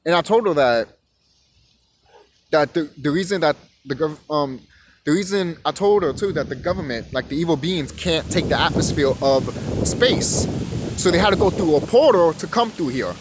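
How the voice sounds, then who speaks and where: A man's voice: on the high side, animated, normal speed, noisy background. A young man delivering a rambling, profane rant monologue, stumbling over and repeating words as he goes. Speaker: vlogger.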